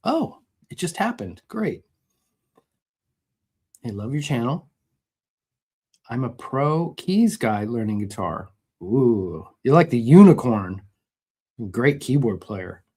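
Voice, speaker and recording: A middle-aged man hosting a casual guitar livestream, reading viewer comments and explaining gear in a relaxed, roundabout way. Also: mid-range voice, slow pace, pauses often, slightly rough. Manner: relaxed and explanatory, with many restarts. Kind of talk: casual live chat answering viewer comments.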